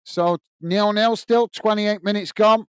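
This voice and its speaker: Male watch-along host, high clean voice, dry close mic, easygoing match chat. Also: a little slow, smooth, no room sound. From United Kingdom. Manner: friendly, reads out viewer messages, frequent "mate" and "uh" fillers; excited goal call. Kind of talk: live football watch-along commentary and chat.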